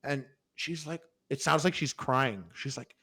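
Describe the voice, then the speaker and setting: A man's voice: a little high, unhurried, slightly rough. Rambling man telling a story. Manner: rambling, animated, swears freely. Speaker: podcast panelist. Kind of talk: casual storytelling on a podcast.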